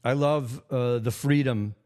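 A man from America hosting a casual livestream monologue, rambling with frequent restarts and sudden jumps in pitch. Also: unhurried, a little mellow. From United States. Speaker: host.

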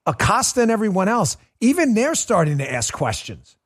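A male political talk host delivers a livestreamed commentary in a high, lively voice. His tone is emphatic and sarcastic, swinging widely as he rants. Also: moderate pace, husky.

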